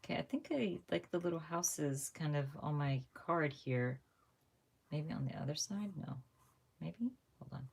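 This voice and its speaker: Low-voiced chatty woman live-streaming crafts. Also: unhurried, vocal fry, breathy edge. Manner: chatty, laughs often, voice jumps up when excited. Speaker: craft channel host. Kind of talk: casual live-stream chat while crafting. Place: home craft room.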